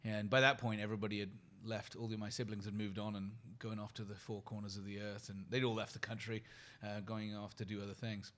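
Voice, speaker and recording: A man from the UK with a British accent, a podcast guest telling his story in an earnest, reflective way, listing his thoughts slowly with pauses. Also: on the low side, little pitch movement, fairly bright tone. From United Kingdom. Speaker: guest, company leader and keynote speaker.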